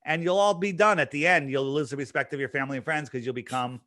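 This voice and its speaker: A man guesting on an interview, talking fast and emphatically with plenty of restarts and fillers. His voice sits fairly high, and the recording is dry and close, with little room sound. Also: bright, forceful tone, dry recording. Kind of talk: casual promotional talk.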